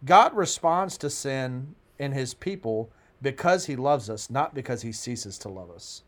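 A man co-hosting a religious podcast who talks thoughtfully and tells stories, pausing often with fillers like "uh" and "um". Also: mid-range voice, lively intonation. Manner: thoughtful, many fillers, storytelling. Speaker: podcast co-host. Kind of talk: casual religious podcast discussion.

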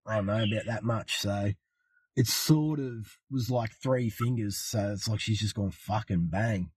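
A husky Australian man spins a loose, swearing-laden yarn for a podcast. His voice is slightly raspy and the recording is dry and close, with no room sound. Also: lowish voice, a little slow, dry recording. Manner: profane, rambling, laid-back. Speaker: podcast guest. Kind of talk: casual storytelling.

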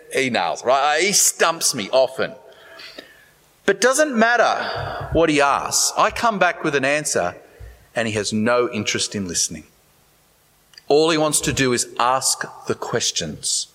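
Male preacher, conversational, very expressive delivery; long hall reverb. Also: a little high. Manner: animated, conversational preaching with asides to listeners. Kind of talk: sermon.

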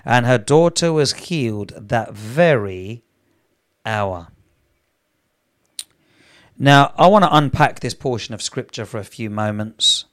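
On a live broadcast, a preacher teaches from the Bible, reading scripture aloud, growing emphatic and praying in tongues. His mid-range voice is animated and a bit bright, with a slow pace and long pauses.

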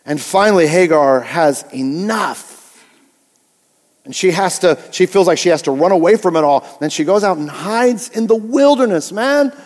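High-voiced preacher in a reverberant hall. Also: male voice, expressive, normal speed. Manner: conversational, emphatic, repeats key words. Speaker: pastor. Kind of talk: sermon.

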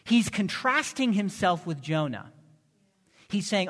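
A male pastor preaching a sermon, impassioned, moving from soft pleading to loud emphasis. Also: a little high, lively intonation, unhurried, pauses often. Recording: long reverb of a large hall.

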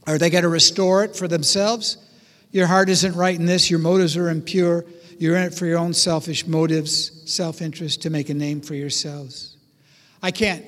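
Animated high-voiced preacher in a hall. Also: male voice. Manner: animated storytelling, acts out voices. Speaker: pastor. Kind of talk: sermon.

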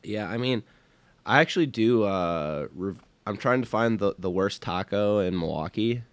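Young male podcast host from Wisconsin, lower voice, easygoing and joking. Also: expressive, normal speed, no room sound. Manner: laid-back, jokey, says "dude" a lot. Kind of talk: casual chat.

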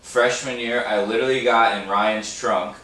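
A man's voice: mid-range voice, fairly even intonation, moderate pace, bright, forceful tone, distant mic. A young adult man co-hosting a podcast, trading profane, teasing banter in casual chat. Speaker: podcast co-host. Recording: echoey room, away from the mic.

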